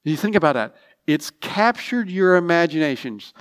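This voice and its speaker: A man preaching a sermon with emphatic, repetitive phrasing and frequent restarts, sometimes dropping into a quiet aside. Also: a little high, sing-song, moderate pace. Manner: drops to a soft, near-whispered aside at times. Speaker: pastor.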